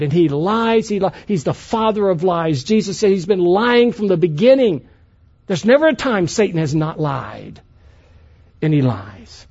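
A man delivers a sermon in a high, animated voice that climbs and drops widely. He preaches emphatically, swinging between loud passages and hushed ones. The recording sounds dull and lo-fi. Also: moderate pace. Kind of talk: sermon to a youth conference.

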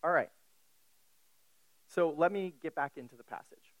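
A man preaching an expository sermon, emphatic and deliberate, with casual asides and quick self-corrections. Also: a little high, lively intonation, dry recording, rough recording. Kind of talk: sermon, expository Bible teaching.

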